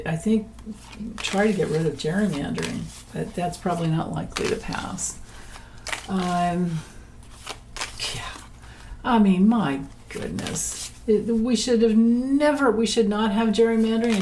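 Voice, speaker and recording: Woman tarot reader, rambling chatty delivery, mellow tone, light laughs. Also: medium pitch, a little hiss or hum, poor audio. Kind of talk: casual political tarot reading.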